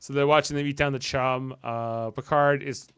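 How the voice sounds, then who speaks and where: A man hosting a podcast, casually recapping an episode and slipping into quick playful voices for the characters. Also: mid-range voice, fairly even intonation, a crowd in the background. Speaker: podcast host.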